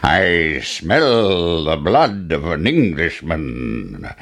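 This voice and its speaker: A man voicing a huge, wicked male giant in a storybook reading, with slow, booming threats. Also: very animated, fairly bright tone, slight background noise, full character voice. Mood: menacing.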